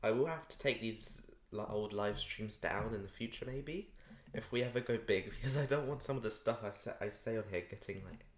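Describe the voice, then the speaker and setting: A man's voice: on the low side, fairly quick. A man chatting casually on a live stream while he draws, rambling and poking fun at himself. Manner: rambling, self-mocking, repeats words playfully. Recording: echoey room, faint noise.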